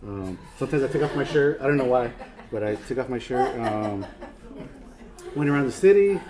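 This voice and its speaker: A man's voice: medium pitch, lively intonation, moderate pace, crowd noise. A man giving a casual artist talk, rambling and self-deprecating, with many fillers and restarts. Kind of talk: casual lecture.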